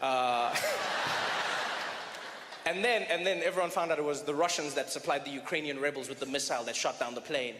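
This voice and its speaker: High-pitched male comic, lively and loud, reverberant club with faint ambience. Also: fast talker, few pauses, slight background noise. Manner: energetic, animated, often shouting. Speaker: stand-up comedian. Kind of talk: stand-up comedy. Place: comedy club stage.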